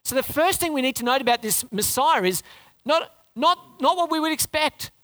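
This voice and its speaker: A woman's voice: sits high, expressive, moderate pace, a bit bright. A woman preaching a sermon in an earnest, conversational way, asking rhetorical questions and repeating phrases for emphasis.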